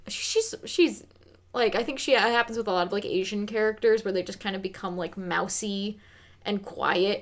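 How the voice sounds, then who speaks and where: A woman co-hosting a casual podcast, reviewing a movie in a rambling, sweary, animated way. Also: mid-range voice. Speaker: podcast co-host.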